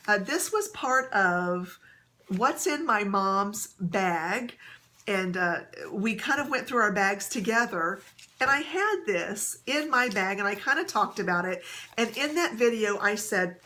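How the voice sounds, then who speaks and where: A woman vlogging casually, chatting gently with many fillers and soft laughs as she shows items and tells a story. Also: medium pitch. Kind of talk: casual haul and story vlog.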